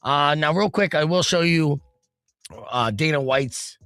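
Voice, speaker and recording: A man's voice: a little high, unhurried, fairly bright tone, clear, resonant tone, no room sound, faint music behind. A man hosting a radio talk show, chatting casually and loosely with many fillers. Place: radio studio. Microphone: studio mic.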